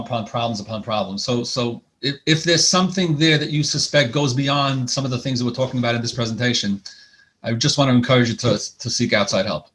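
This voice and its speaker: A man's voice: medium pitch, fairly bright tone. A man who is a couples therapist, giving a conversational lecture on marriage and often restarting and repeating words. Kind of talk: lecture presentation. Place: lecture hall.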